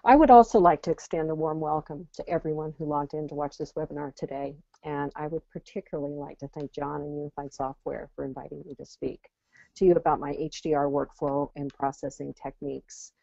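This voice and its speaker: A woman getting over a cold, with a scratchy, hoarse voice, presenting a webinar as an enthusiastic, friendly guest speaker. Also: low voice, steady tone, brisk, warm tone, no echo. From Las Vegas, USA. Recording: dull lo-fi webinar audio.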